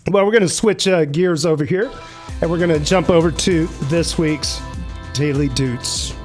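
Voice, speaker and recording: A man's voice: on the high side, moderate pace, faint music behind. A man hosting a casual livestream, upbeat and chatty, running through announcements and names. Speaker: livestream host.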